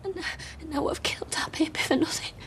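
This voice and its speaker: A young woman playing a distraught girlfriend, crying and pleading in hushed, broken phrases. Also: very high voice, very animated, slow, a little hiss or hum, full character voice. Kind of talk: TV soap drama acting.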